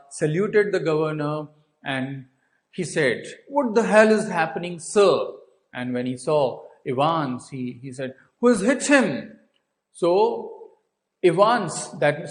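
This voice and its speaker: A man's voice: fairly high pitch, rough recording. A man teaching English with an Indian accent, walking students through a story and answering his own questions. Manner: asks rhetorical questions and answers them. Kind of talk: explaining a textbook story to a class.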